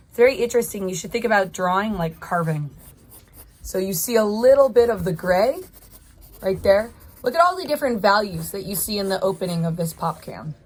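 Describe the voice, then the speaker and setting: A woman's voice: medium pitch, slight background noise. A woman art teacher narrating a drawing tutorial, chatty and encouraging, thinking aloud as she draws at her desk.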